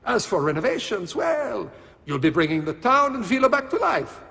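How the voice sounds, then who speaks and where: An actor voicing a brisk, businesslike architect in a video game, talking in a wry, salesman-like way. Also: high voice, big pitch swings, creaky, pushed and bright, exaggerated voice. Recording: reverberant game audio.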